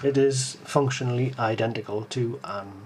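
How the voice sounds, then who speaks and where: A man's voice: medium pitch, steady tone, normal speed, noisy background. A middle-aged man, chatting on a live stream while he works on old computer hardware, rambling and correcting himself as he thinks aloud. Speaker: retro computer repair streamer. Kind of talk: live-stream workbench chat.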